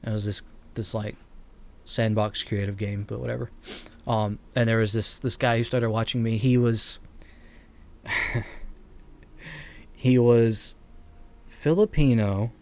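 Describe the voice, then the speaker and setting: A man's voice: on the low side, fairly even intonation, takes it slowly, pauses often, darkish tone. Man, faint Southern US accent, game streamer, rambling and chatty with chat, easy laughs. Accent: slight Southern US. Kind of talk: casual gaming stream chat.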